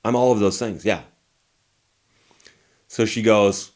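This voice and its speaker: A man with a lowish voice tells a story to camera in a relaxed way. He is wry and dry, and his voice jumps up in mock disbelief when he quotes himself. He sounds like a lawyer talking off the cuff. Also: measured pace, pauses often. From United States. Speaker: lawyer and channel host.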